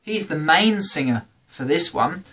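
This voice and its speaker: British guy doing a stand-up bit on his show, high-pitched and bright, lots of voices for the characters. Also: unhurried. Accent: British English. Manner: animated, acts out quoted voices. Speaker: comedy podcast host. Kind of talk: stand-up comedy routine.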